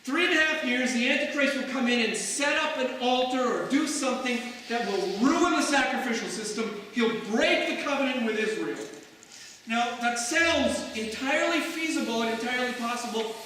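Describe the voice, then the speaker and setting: A man's voice: very high voice, expressive, normal speed, bright, forceful tone, a little hiss or hum. A man preaching a sermon as pastor, talking conversationally and throwing rhetorical asides to his congregation. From Canada. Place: church sanctuary. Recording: echoey church hall from far off.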